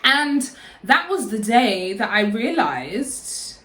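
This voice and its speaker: A young woman tells a storytime in a loud, chatty, profane way. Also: on the high side, big pitch swings, takes it slowly, reverberant. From London. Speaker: vlogger. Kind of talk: casual storytime.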